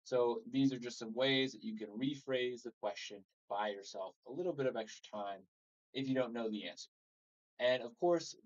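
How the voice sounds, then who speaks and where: A man gives a live English lesson in a relaxed, explaining way, stringing points together with "so" and "all right." His voice sits in a middle register. The audio is a little dull and lo-fi. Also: mid-range voice. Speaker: English teacher.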